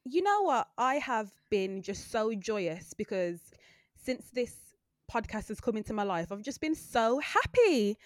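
A woman's voice: on the high side, very animated, a little slow, dry recording, studio quality. A young woman co-hosting a podcast, bubbly and joking in casual chat. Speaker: podcast co-host.

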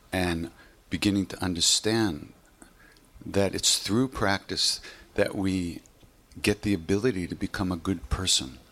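A man's voice: fairly low pitch, fairly bright tone. A man giving an informal spiritual teaching talk in a loose, conversational way, often saying "you know".

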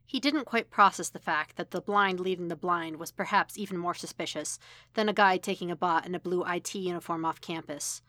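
A woman reading fan fiction aloud as a podfic narrator, measured and even. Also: on the low side, dry recording. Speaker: podfic reader. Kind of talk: audiobook-style fiction reading.

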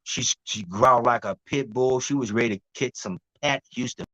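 A man being interviewed as an herbal healer, telling stories in a lively, demonstrative way, laughing often and acting out what others said. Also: medium pitch, moderate pace, dry recording, low-quality recording. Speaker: guest herbalist. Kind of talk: animated storytelling interview.

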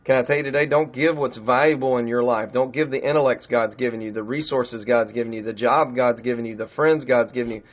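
A man's voice: mid-range voice, fairly even intonation, brisk, few pauses, highs cut off. A middle-aged man preaching a sermon in a conversational way, growing emphatic as he retells a story. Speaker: pastor.

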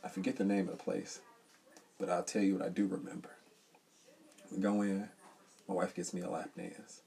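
A man co-hosting a podcast, telling stories in an animated, joking way. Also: deep voice, moderate pace, creaky. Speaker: podcast co-host. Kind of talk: casual chat.

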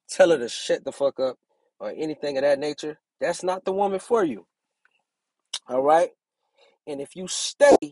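A man's voice: on the high side, a little mellow, dry recording. A brash young man hosting his own podcast, talking casually and preaching with plenty of profanity. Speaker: podcast host and relationship coach.

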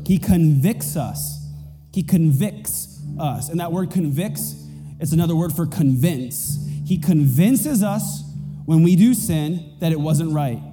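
A man's voice: high-pitched, warm tone. A man preaching a sermon in a church, emphatic and repeating his key points, in a reverberant hall with faint music. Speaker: pastor.

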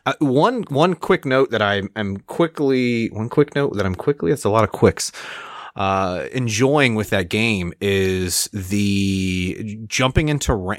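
A man's voice: fairly low pitch, no echo, clean studio sound. A man co-hosting a casual gaming podcast, laughing often and rambling loosely. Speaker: podcast co-host.

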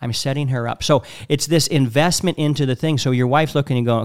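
Blunt, animated man in casual chat. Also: medium pitch, a little fast. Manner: animated, blunt, acts out quotes.

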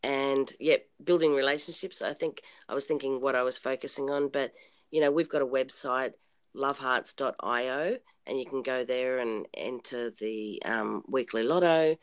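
A woman's voice: rumbling low, normal speed, no echo. An Australian woman talking as a guest in a casual podcast interview, chatty and hesitant, with frequent ums and easy laughter.

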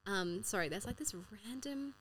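A woman's voice: mid-range voice, animated, normal speed, a bit bright. A young woman hosting her own podcast in casual solo chat, swearing freely, laughing often and filling her talk with "like.". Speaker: podcast host. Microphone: own podcast mic.

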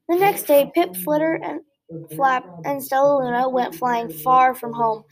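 High-voiced woman reading a storybook. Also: unhurried, poor audio. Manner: gentle expressive read-aloud with small slips. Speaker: storybook reader. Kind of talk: reading a picture book aloud.

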